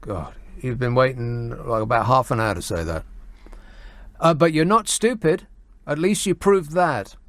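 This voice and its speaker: A man hosting a radio phone-in, sardonic and quick as he reads out listeners' messages and banters with callers. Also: medium pitch, expressive, no echo.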